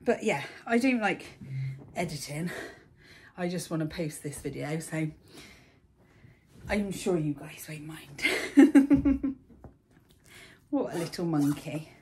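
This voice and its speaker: A woman's voice: low voice, unhurried, pauses often, a little hiss or hum. Chatty, gushing woman. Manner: chatty, gushing, with frequent ums. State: out of breath. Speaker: knitting vlogger. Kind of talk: casual chat. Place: baby's room at home.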